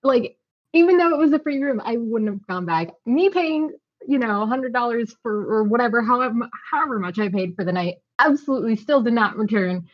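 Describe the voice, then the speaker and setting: A woman's voice: on the high side, lively intonation, brisk, lo-fi sound. A woman podcast host reacting to a guest's story in emphatic casual chat, often laughing.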